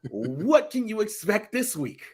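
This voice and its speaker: A man's voice: high-pitched, sing-song, unhurried, darkish tone, breathy edge, exaggerated voice. A man mimicking a chirpy wrestling interviewer. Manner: chirpy, relentlessly upbeat. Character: overly cheerful male wrestling backstage interviewer.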